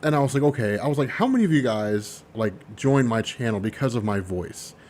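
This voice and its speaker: A man hosting a casual podcast chat. He is excitable, laughs often and fills his talk with "dude" and "like". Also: medium pitch, brisk, a little hiss or hum. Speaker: podcast host.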